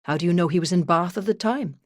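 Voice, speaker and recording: A woman narrator voicing a brisk, businesslike male crown prosecutor with a Welsh accent. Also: high voice, no room sound, studio quality, lightly acted.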